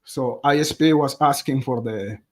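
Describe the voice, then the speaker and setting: A man's voice: mid-range voice, normal speed. Chatty man. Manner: chatty, addresses viewers directly as "guys". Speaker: true crime streamer. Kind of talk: live-stream commentary.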